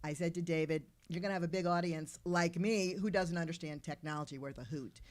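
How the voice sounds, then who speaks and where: A woman's voice: fairly low pitch, brisk. Earnest woman plugging a talk. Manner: earnest and promotional. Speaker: guest speaker. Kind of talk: casual radio interview.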